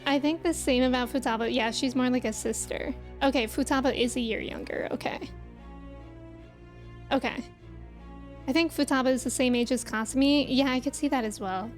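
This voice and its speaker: A young woman with a high, bright-sounding pitch chats casually through a desk mic while streaming a video game. She answers chat and thanks viewers, with faint game music running behind her. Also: normal speed. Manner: chatty, reads chat aloud and thanks viewers.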